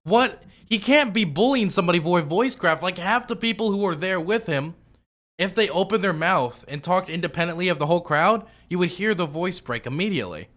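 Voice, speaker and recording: A man's voice: high-pitched, animated, fairly quick, a bit bright, slight background noise. A man giving casual, sarcastic reaction commentary as a streamer, rambling with lots of fillers.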